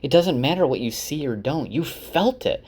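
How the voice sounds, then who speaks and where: A man voicing a young woman channeler who is earnest and scolding, speaking a little higher and insistently. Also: expressive, moderate pace, darkish tone, breathy edge.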